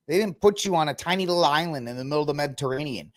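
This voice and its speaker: A man's voice: fairly high pitch, racing. A man hosting a casual news commentary podcast, mocking and ranting in slangy talk and laughing often. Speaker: podcast host.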